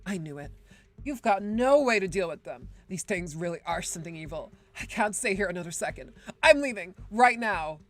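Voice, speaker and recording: A shrill, panicked hotel guest. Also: female voice, expressive, fast talker, hardly any pauses. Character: panicked adult female hotel guest, demanding and fearful.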